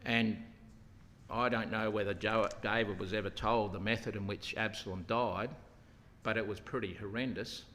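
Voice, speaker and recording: A man preaching a sermon, animated, acting out the lines of the people in the story with a raised voice. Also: lowish voice, moderate pace, a little hiss or hum. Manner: animated, acts out quotes with raised voice. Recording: long hall reverb.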